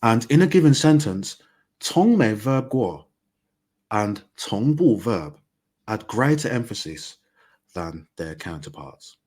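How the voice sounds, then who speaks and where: A man teaching Mandarin grammar in a recorded lesson. He explains patiently and clearly, stressing the example phrases. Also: lowish voice, sing-song, slow, a little mellow.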